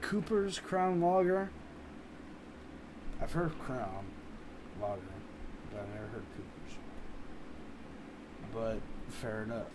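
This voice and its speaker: A man from the United States talks casually to his stream chat, rambling and swearing freely. His voice sits in a middle pitch, with a faint hiss under it. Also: slow pace, long pauses. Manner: rambling, profane, animated. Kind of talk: casual live-stream chat reading comments.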